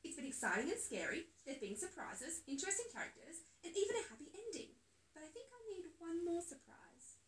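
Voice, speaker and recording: A determined little girl ferret from a storybook, hopeful and a touch stubborn, as a woman reads her aloud. Her voice sits high and swings up and down with a bright edge. It is caught on a phone from across an echoey room. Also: lively intonation, fairly quick, distant mic. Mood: eager.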